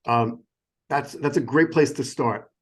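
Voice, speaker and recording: A man's voice: mid-range voice, a little slow, husky. A middle-aged American man, a sommelier, explaining things in a casual, enthusiastic way. He often goes off on tangents and breaks off mid-sentence. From United States. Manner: enthusiastic, digressive, self-interrupting. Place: phone or remote call.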